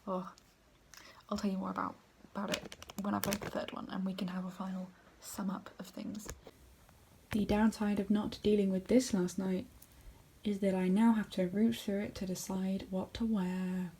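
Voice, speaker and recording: A woman's voice: mid-range voice, level tone, moderate pace, warm tone, slight background noise. A woman in her twenties with a Southern English accent, chatting casually at home to a camera mic for her book vlog, rambling and laughing often, sometimes dropping to a whisper. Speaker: book vlogger. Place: at home, moving between rooms.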